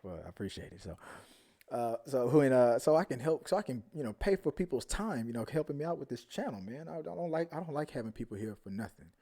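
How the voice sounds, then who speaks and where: Male host, casual live review, lively up-and-down delivery, rambles and mumbles. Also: mid-range voice, quick pace. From Houston, Texas area. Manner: rambling, animated, trails off to mumbles. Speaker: show host.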